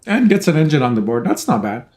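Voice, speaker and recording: A man casually commentating a card game tournament over a headset, joking and rambling, often clearing his throat. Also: fairly high pitch, big pitch swings, fast, a little mellow, soft background music. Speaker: tournament caster.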